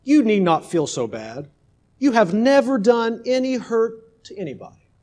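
A man's voice: very high voice, lively intonation, measured pace, a little mellow, voice pushed up. A preacher reading as a soothing father. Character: older man soothing his dying son.

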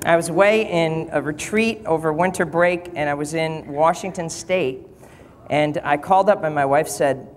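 A man's voice: on the high side, normal speed. Man preaching in an echoing chapel. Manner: animated, joking storyteller. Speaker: pastor speaking in a college chapel. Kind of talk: sermon. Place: chapel hall. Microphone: PA microphone. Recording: long reverb hall with faint noise.

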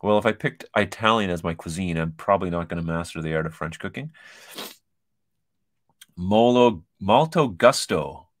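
Deep-voiced joking man reading a quiz. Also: fast, hardly any pauses, a bit bright. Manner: joking, chatty, reads quiz items aloud with asides. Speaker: kitchen designer and host. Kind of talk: casual commentary over a shared screen.

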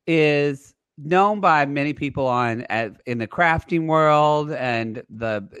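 A man's voice: fairly high pitch, takes it slowly, a bit bright, smooth, dry recording. Chatty man in his thirties, dry sound. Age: 30s. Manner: rambling, chatty storytelling with many fillers. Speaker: podcast host. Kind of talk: casual chat.

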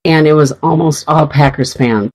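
A woman's voice: deep voice, normal speed, a little mellow, poor audio. A middle-aged woman from Minnesota, co-hosting a radio show and telling a rambling story with many fillers, congested from a sinus infection. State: sinus infection, clearing throat. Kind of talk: casual chat. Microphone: studio mic.

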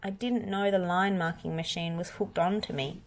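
A woman voicing an upset male tractor in a storybook, pleading softly. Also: lowish voice, steady tone, moderate pace, lightly acted. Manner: pleading, soft.

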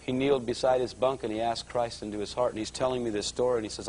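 A man giving a conversational sermon testimony at a live church service, his storytelling growing excited and louder. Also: medium pitch, fast talker, hardly any pauses, slight background noise, rough recording. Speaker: guest speaker giving a testimony.

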